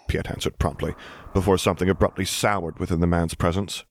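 A man narrating a story in a steady, unhurried reading. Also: deep voice, no echo. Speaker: audiobook reader. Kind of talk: scripted narration.

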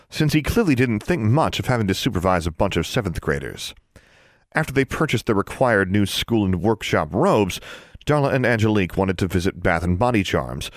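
A man's low voice reads scripted audiobook narration from a novel, pitch lifting and dipping vividly in each sentence. He keeps the story steady between the character voices, and the close recording is completely dry, with no room sound.

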